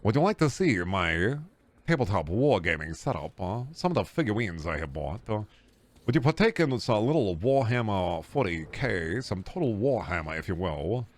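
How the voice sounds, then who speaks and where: Dude doing a mumbly awkward nerd guy, slow and quiet, proud of his little figures. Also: lowish voice, big pitch swings. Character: awkward nerdy man showing off his miniatures.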